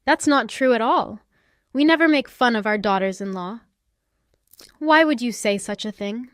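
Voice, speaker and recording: A woman's voice: a little high, normal speed, no echo, clean studio sound, lightly acted. A woman voicing a defensive, scheming older mother-in-law in a storytelling video, protesting in an indignant way.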